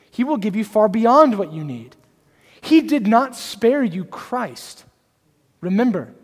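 A young man preaching an earnest sermon to a congregation. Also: sits high. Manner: earnest preaching, varies pace and loudness. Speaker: pastor. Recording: hall reverb.

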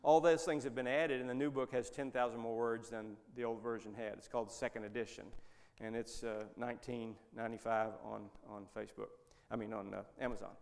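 A man's voice: medium pitch, little pitch movement, fairly quick, gravelly, darkish tone. A man preaching, telling a story in a folksy, rambling way, with frequent restarts. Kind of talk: sermon storytelling. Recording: long hall reverb.

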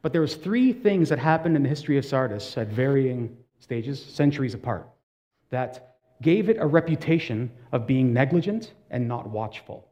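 A man's voice: mid-range voice, lively intonation, normal speed, mellow, dull audio. A man preaching a sermon in a conversational way, asking the congregation direct questions and telling stories with casual asides. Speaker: pastor.

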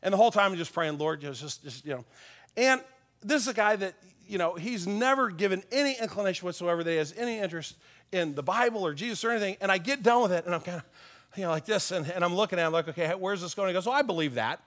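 High voiced pastor guy, chatty sermon, tells stories, goes soft and quiet on the big points. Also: animated, fast. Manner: folksy, tells personal stories with chuckles. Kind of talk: conversational sermon.

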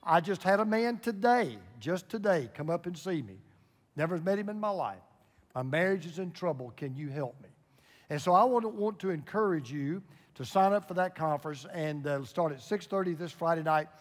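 High-voiced older male pastor preaching. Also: expressive, brisk. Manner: folksy storytelling, joking with the congregation. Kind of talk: sermon. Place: church sanctuary. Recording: church hall reverb.

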